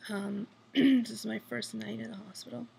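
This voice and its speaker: Woman, hushed whisper, very gravelly, rambling video diary, hospital room at night. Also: a little high, steady tone, normal speed, slight background noise. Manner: whispering quietly, rambling with many fillers. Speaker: vlogger.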